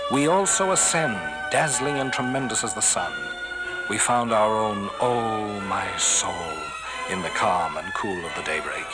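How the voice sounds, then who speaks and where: A man giving a theatrical poetry recitation, swelling on some phrases and dropping to a hushed whisper on refrains. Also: on the low side, poor audio. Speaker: poetry reader.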